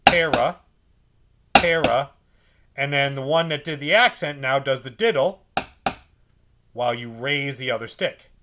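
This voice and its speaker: Heavy background noise surrounds a man teaching drums at a normal pace in a medium-pitched voice. He explains the pattern with patience, voicing the drum syllables and frequently asking "okay?"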